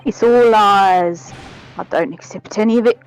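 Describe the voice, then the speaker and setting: A woman voicing a creepy, unhinged male villain who drawls slowly and menacingly. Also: medium pitch, smooth, faint music behind, voice pushed down, natural voice, poor audio. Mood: creepy, denying.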